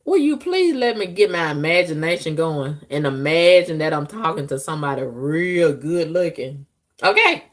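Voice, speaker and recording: A woman talking frankly to her viewers in a casual, profane monologue, breaking into loud squealing outbursts. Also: low-pitched, sing-song, moderate pace. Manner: frank, profane, conversational drawl.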